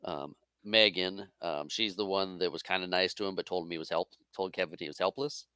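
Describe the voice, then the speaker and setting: A man's voice: deep voice, steady tone, brisk, bright, forceful tone, smooth, no echo. A man co-hosting a casual movie podcast, laughing along and running through facts. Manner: easygoing, laughs often, lists facts. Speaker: podcast co-host.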